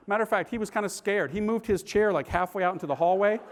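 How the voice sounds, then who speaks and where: Male priest-speaker, high-pitched, animated comic storyteller, slangy. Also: quick pace, a little hiss or hum. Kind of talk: humorous conversion story told to an audience.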